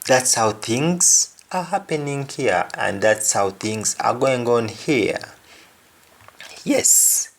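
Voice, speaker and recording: A man gives a spoken language lesson at a slow, measured pace. He says each example phrase twice before explaining what it means. His delivery is deliberate and patient. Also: medium pitch. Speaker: language teacher.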